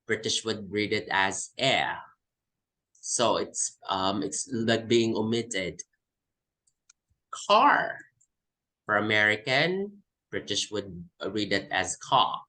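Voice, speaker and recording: A man's voice: on the low side, unhurried, pushed and bright, rough recording. A man from the Philippines, teaching an English test class and explaining by repeating example words. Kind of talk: online class lesson.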